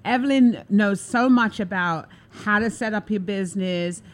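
A woman hosting a casual live-stream talk show, gushing and chatty as she talks to her viewers. Her voice sits at an ordinary middle pitch, and she keeps everything upbeat and enthusiastic. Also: normal speed. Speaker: show host. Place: New York City.

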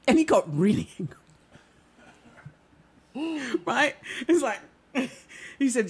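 A middle-aged woman doing stand-up, telling stories in a chatty, animated way and often asking the audience "right?". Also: mid-range voice, fairly quick, husky. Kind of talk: stand-up storytelling.

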